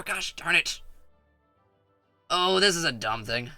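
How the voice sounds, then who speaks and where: A man's voice: on the high side, animated, takes it slowly, bright, forceful tone, no echo, soft background music. A man streaming a strategy game, rambling and stuttering often as he chats with his viewers. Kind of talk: casual gameplay commentary.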